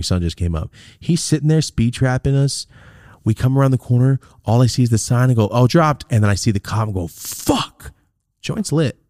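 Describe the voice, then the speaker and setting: A man's voice: on the low side, darkish tone, no echo, clean studio sound. A man casually telling a rambling, profane road-trip story as a podcast host.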